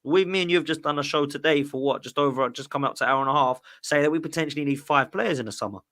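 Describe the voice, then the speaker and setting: A man's voice: on the high side, rapid-fire, fairly bright tone. A man in a casual football chat, ranting with exasperation and slang. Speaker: guest co-host.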